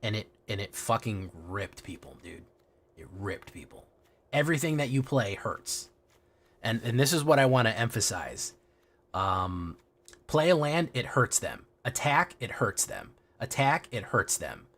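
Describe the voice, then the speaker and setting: A man's voice: fairly low pitch, very animated, unhurried, fairly bright tone, slight background noise. A man streaming a card game, chatting casually with his viewers, swearing freely and often restarting his sentences. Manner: casual and profane, restarts a lot. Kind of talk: casual livestream chat.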